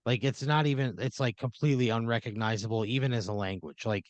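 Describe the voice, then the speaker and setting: A man's voice: medium pitch, quick pace, no echo, highs cut off. Man spinning a rambling improv story. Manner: rambling, profane, second-person narration with many fillers. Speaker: podcast co-host.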